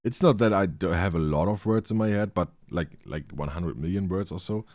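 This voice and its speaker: A man with a German accent, a native German speaker, hosting a reaction video in casual commentary, halting and restarting his sentences as he searches for words. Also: sits low, a little mellow, no room sound, clean studio sound. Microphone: studio dynamic microphone.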